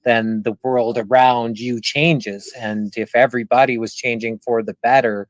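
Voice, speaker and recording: A man's voice: mid-range voice, fairly even intonation, a little slow, dry recording. Canadian man interviewing, dry sound. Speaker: interviewer, channel host. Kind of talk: casual interview conversation.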